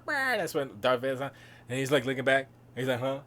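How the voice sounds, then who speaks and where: A man's voice: medium pitch, sing-song, fairly quick, sharp tone, a little hiss or hum. A man hosting a live stream, chatting casually and jokingly, slipping into silly impressions of film characters. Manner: joking, slips into voiced impressions.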